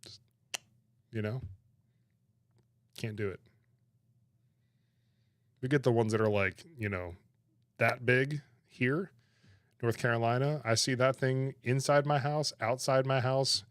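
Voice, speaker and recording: A man chatting on his livestream, animated and laughing, protesting in exaggerated disbelief. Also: mid-range voice, slow, pauses often, no echo, clean studio sound. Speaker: streamer reacting to chat. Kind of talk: casual livestream chat.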